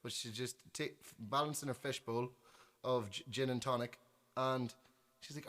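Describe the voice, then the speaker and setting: A young Northern Irish man chats to his livestream viewers, spinning a funny story. He is self-deprecating and animated, often breaking off to correct himself. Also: medium pitch, moderate pace. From Northern Ireland. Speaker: musician on livestream. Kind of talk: casual storytelling.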